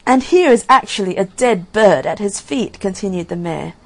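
A woman reading a fairy tale aloud in a gentle, measured way, giving the characters' lines softly. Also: medium pitch, expressive, rough recording. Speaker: storyteller. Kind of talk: storybook reading.

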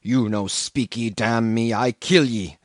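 A man's voice: no room sound, studio quality, lightly acted. A man growling as a wild cannibal harpooneer. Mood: menacing. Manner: gruff growling delivery, slow and deep.

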